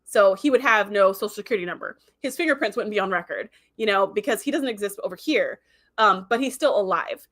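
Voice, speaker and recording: A woman's voice: medium pitch, lively intonation, brisk, a bit bright. A woman hosting a casual livestream, chatting in a rambling way and reading viewer comments aloud. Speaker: livestream host.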